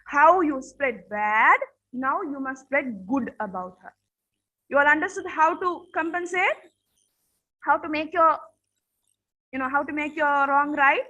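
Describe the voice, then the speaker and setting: A woman's voice: high voice, lively intonation, unhurried, long pauses, sharp tone, lo-fi sound. A woman teacher giving a classroom lesson on manners, speaking earnestly, repeating her points and checking in with her students.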